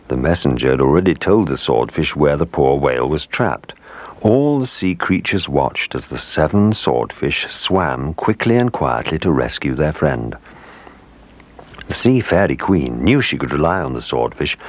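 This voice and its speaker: A man reading a children's story aloud in a lively, expressive way. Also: extremely low pitch. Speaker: narrator.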